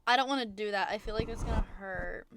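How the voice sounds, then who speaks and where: A woman VTuber chatting casually on a livestream, rambling excitedly and swearing often. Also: medium pitch, fast, heavy background noise. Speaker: VTuber streamer.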